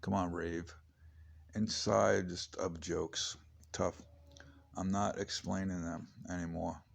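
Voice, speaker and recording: Deep gravelly guy, late 50s, rambling through his own memoir with lots of jokey asides. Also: flat delivery, takes it slowly. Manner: chatty, digressive, wry asides. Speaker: author reading his memoir. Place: home.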